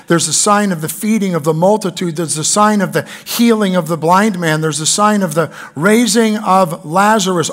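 High-voiced man preaching a sermon. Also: a bit bright. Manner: reads scripture aloud, then preaches with rising emphasis. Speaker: pastor. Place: church.

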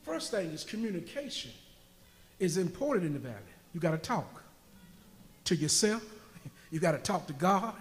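A man preaching a sermon as pastor, swinging between soft talk and shouted call-and-response lines. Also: high-pitched, big pitch swings, normal speed, long pauses. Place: large church sanctuary. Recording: long church reverb.

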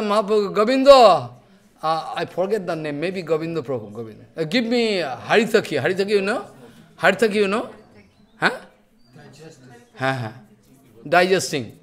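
Older man, preaching. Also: on the high side. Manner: broken English, emotional, acts out quoted dialogue. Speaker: guru giving a religious discourse. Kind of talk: devotional sermon.

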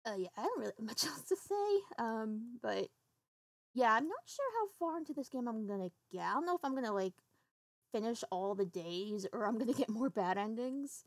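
A woman's voice: a little high, lively intonation, moderate pace, dry recording, studio quality. A woman streamer chatting casually with her viewers while setting up and playing a game, swearing offhandedly. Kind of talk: casual livestream chat while gaming.

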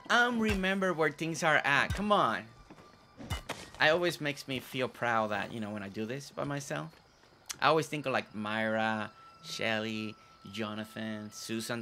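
Chatty man with a bright voice. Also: mid-range voice, animated, slow, gravelly, soft background music. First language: not English. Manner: chatty, repeats words, stumbles over names. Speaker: gameplay video host. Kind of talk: casual gameplay commentary.

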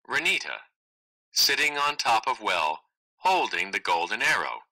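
A man's voice: lowish voice, big pitch swings, slow pace, creaky, pushed and bright, low-quality recording. A man reading a class play aloud, calling out each cast name and stage direction in turn. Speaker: reader.

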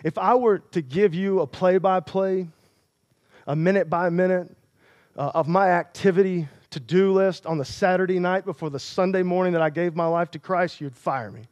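A man's voice: sits high, moderate pace, a little mellow, dry recording. A man preaching a sermon as a pastor, with impassioned, emphatic delivery.

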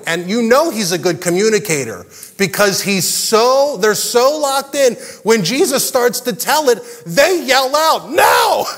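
A man preaching a sermon as pastor, animated and jokey, acting out the characters' lines. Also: very high-pitched, long reverb tail. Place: large church hall.

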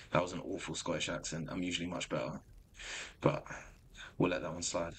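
A man giving casual commentary while streaming a video game. He is animated and excitable, and he laughs often. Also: deep voice, fairly quick, long pauses, slightly rough. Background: game music.

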